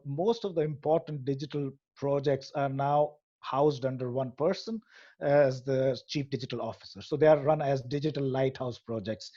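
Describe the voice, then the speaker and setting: A man's voice: mid-range voice, a little mellow, dull audio. A man, head of an AI hub, giving a presentation in an earnest lecturing way with frequent hesitations. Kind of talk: presentation to an audience.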